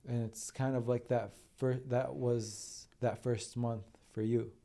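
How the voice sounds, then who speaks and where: A man's voice: medium pitch, flat delivery, slow pace, gravelly, dark tone. A man hosting a podcast, talking in a reflective, encouraging way. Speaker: podcast host. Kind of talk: conversational podcast interview.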